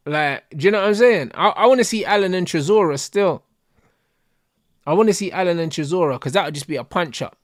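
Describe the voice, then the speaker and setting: A man's voice: high-pitched, lively intonation, brisk, no room sound, clean studio sound. A young man, chatting casually and animatedly in heavy slang as a stream host. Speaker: host of a football watch-along stream.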